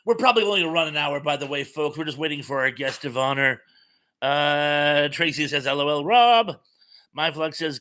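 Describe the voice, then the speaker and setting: A man's voice: a little high, bright, forceful tone. A middle-aged man from Massachusetts hosting a casual live chat, reading viewers' comments aloud and adding jokey asides. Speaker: livestream host.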